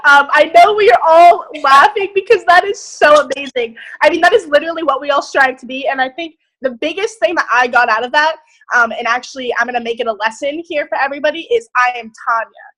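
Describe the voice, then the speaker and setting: A young woman leading a group on a video call, giving an excited, emphatic motivational talk with casual swearing. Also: high voice, fairly quick, low-quality recording. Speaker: group leader.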